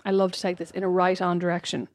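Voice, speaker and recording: A woman's voice: lowish voice, little pitch movement, quick pace, no echo, clean studio sound. A woman co-hosting a casual chat podcast, blunt and self-mocking, laughing often. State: pregnant. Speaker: podcast co-host.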